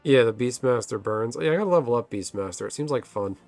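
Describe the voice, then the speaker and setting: A man at a middle pitch streams a game and rambles through a long story. He curses whenever his connection drops. Faint music plays behind him. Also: expressive, fast talker, a little mellow, no echo. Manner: rambling storyteller, swears when the game crashes. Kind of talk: casual chat while gaming.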